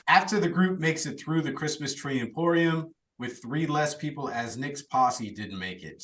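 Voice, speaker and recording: Lively man recapping a film plot. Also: medium pitch, distant mic, low-quality recording. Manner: chatty, laughs while telling the story. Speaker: podcast host recapping a film. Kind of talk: casual podcast plot recap.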